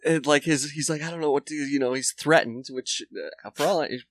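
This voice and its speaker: A man's voice: fairly high pitch, brisk, dry recording. A man co-hosting a podcast, chatting casually and laughing often. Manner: laughing, lively banter. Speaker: podcast co-host. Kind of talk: casual chat.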